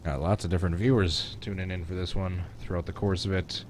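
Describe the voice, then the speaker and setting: A man's voice: deep voice, steady tone, a little fast, darkish tone, slight background noise. A man casually chatting at home while streaming a racing game, reacting to viewers and the action. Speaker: gaming live streamer. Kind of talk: casual live-stream commentary while playing a racing sim.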